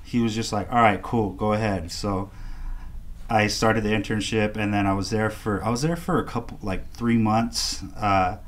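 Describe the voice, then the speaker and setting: With a lowish voice at a moderate pace, this man, an artist, guests on a podcast and tells a story casually. He plays the other characters, acting out what they said with animation.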